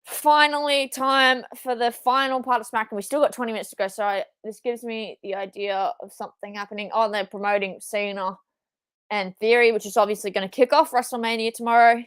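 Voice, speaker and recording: A young Australian woman streaming a live wrestling watchalong, excitable, swearing and shouting at big moves. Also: fairly high pitch, fairly quick, clear, resonant tone, no room sound. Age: young adult.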